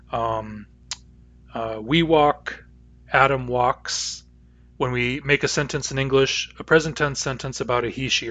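A man teaching a language class, explaining grammar patiently and methodically with frequent pauses and fillers. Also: mid-range voice, a bit bright, lo-fi sound. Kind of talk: lecture.

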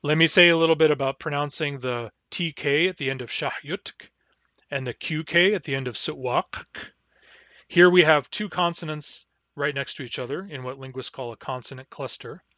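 A man gives a recorded language lesson, speaking patiently and pausing often to model words slowly for learners to repeat. His voice has a bright, forward edge and sits close and dry on the mic with no room sound. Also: a little high, no echo, muffled recording. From Barclay Sound region, Canada. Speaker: language teacher.

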